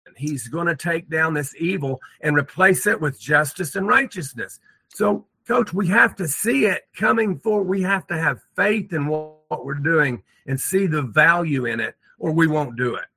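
Male guest, earnest, repeats himself, bright tense tone, dry sound. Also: a little high, moderate pace, breathy edge, no echo. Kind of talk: casual chat.

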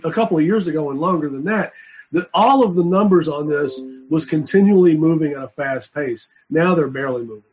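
A man joining the conversation, speaking earnestly and a bit haltingly. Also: a little high, darkish tone, lo-fi sound, a little hiss or hum. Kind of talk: casual chat.

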